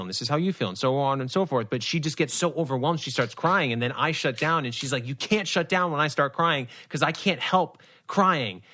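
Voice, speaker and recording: Bright-voiced man joking on a video call. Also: medium pitch. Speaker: podcast co-host. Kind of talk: casual chat on a video call.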